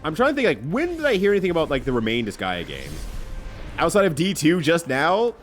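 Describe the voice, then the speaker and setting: A man's voice: fairly high pitch, huge pitch swings, quick pace, faint music behind. A man streaming live, chatting casually while he plays, rambling along and correcting himself as he goes.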